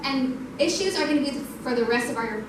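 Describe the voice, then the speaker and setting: Young woman, high voice, conversational testimony with acted-out dialogue; distant mic in a very echoey church hall. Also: animated, a little fast, background noise. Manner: conversational, acts out quoted dialogue. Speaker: youth night speaker. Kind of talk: testimony sermon.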